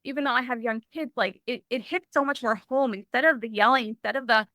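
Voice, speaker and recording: A young adult woman sharing a personal story in a podcast interview, animated and full of "like" and restarts. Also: fairly high pitch, fast, dry recording. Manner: animated, heavy use of "like", frequent restarts. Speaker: podcast guest.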